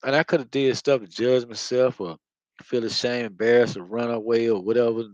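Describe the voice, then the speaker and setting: A man's voice: mid-range voice, fairly even intonation, a little fast, dry recording, muffled recording. A man talking in a loose, slangy, profane monologue full of fillers, close to the mic. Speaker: spiritual vlogger. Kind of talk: casual rambling monologue.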